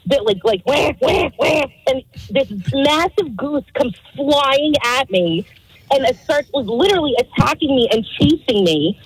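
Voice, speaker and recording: A woman calling in to a radio show and telling a funny story in a giggly, animated way. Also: high voice, slight background noise, poor audio. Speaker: radio caller.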